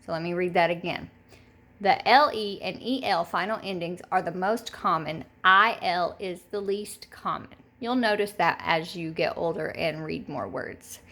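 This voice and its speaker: A woman teaching a third grade phonics lesson. She speaks patiently and says each word twice, clearly, so children can repeat it. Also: fairly low pitch, unhurried, bright, forceful tone. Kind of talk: recorded classroom phonics lesson.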